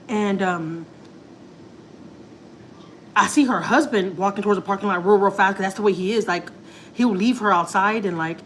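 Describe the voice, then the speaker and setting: Speaking at a normal speed with long pauses, a woman family vlogger in a mid-range voice shares a story with her audience. Her telling is rambling, emotional and confiding, full of "like" and "you know," on a rough recording with slight background noise.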